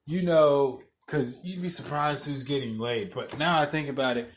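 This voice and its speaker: A man hosting a podcast, telling a story as a profane rant, swearing constantly, repeating himself and getting loud and worked up. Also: mid-range voice, moderate pace, slight background noise. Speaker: podcast host.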